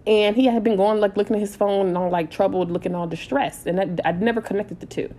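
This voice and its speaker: A woman in her thirties telling a personal story in a casual, animated way, blunt and swearing freely. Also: mid-range voice, fast. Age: 30s. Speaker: storytime vlogger.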